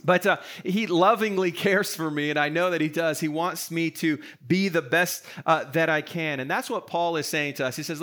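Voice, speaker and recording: A man's voice: fairly high pitch, moderate pace, hardly any pauses, fairly bright tone. A man who is a pastor, preaching an earnest, encouraging sermon to a live-streamed congregation in a conversational way. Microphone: streamed sermon to an online audience.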